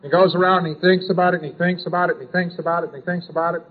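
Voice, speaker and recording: A man's voice: high voice, fairly even intonation, very fast. A man giving an informal lecture, rambling and repetitive, dropping in sound effects and asides. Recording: tinny old lecture tape.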